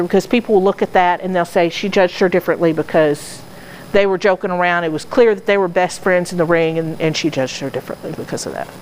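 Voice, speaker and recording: At a dog training club hall, a woman fields audience questions in casual talk, explaining things earnestly and sometimes laughing at herself. Her mid-range voice is a little mellow, and the rough recording carries slight background noise.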